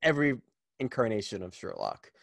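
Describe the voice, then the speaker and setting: A man's voice: lowish voice, wildly swooping pitch, fairly quick, creaky, a bit bright, no room sound, clean studio sound. A man who is a guest reviewer in a casual movie discussion, wry and emphatic, stretching his fillers.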